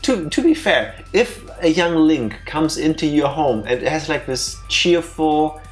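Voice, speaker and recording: A woman with a strikingly low voice chats casually over a video game, full of jokes and quick asides. Her pitch moves in a lively way. Faint game music sits behind her. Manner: joking, quick asides, laughs often. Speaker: let's play co-host. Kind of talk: casual gaming commentary.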